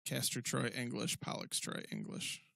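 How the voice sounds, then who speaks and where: A man's voice: mid-range voice, wildly swooping pitch, normal speed, vocal fry, pushed and bright, dry recording. A man co-hosting a podcast, talking casually, enthusiastically and profanely. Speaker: podcast co-host. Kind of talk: casual chat.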